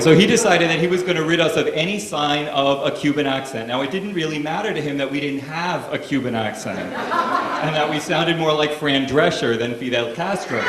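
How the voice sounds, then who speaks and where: A male stand-up comedian telling family stories in a wry, loose, casually profane manner. His voice sits a little high for a man and rings out in a roomy space. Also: noisy background.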